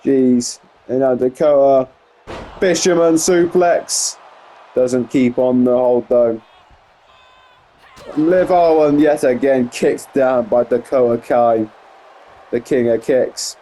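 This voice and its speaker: A man provides play-by-play commentary over a wrestling video game, his medium-pitched voice slow and broken by long pauses. He gets excited on big moves and wanders into filler-heavy asides.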